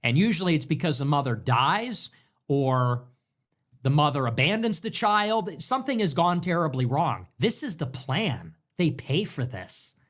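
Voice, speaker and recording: Man with a lively, swooping voice. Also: a little high, measured pace. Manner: emphatic, repetitive, rhetorical questions. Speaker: show host. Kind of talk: political commentary monologue.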